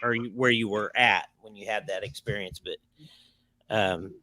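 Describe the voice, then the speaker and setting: A man's voice: fairly low pitch, fairly even intonation, measured pace, pushed and bright. A man hosting a paranormal podcast, speaking hesitantly and filling his sentences with "you know". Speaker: podcast host. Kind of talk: casual interview chat.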